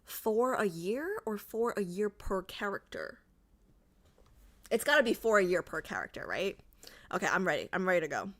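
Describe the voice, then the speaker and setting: A woman's voice: medium pitch, very animated, normal speed. A woman streamer in casual livestream chat, joking and reading out and answering her chat. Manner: chatty, jokey, reads and answers chat aloud.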